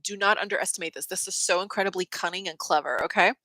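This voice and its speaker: Bright, opinionated woman host. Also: mid-range voice, fast talker, no room sound, rough recording. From Canada. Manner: opinionated, quotes people in mocking voices. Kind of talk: casual spiritual talk.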